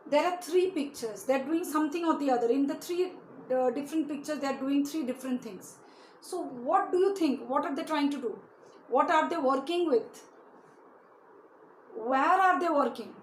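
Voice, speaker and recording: A woman teaching a lesson to young children, asking them many questions and often adding "you know". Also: high voice. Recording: echoey room with faint hiss.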